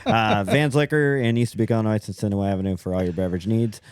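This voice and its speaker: A man with a low voice hosts a podcast in an easygoing, halting way, full of ums and uhs. The sound is dry and close, with no room around him. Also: expressive, a little mellow, clear, resonant tone, dry recording. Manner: laid-back, halting, many fillers. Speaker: podcast host. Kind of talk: casual chat.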